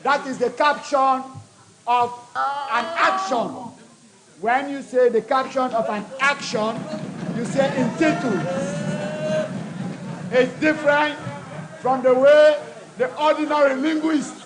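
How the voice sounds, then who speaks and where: A man with a Sierra Leonean accent, chairing a legislative committee and presenting a bill to parliament in a formal, deliberate address read in short phrases. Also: very high-pitched, fairly even intonation, noisy background. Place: parliament chamber.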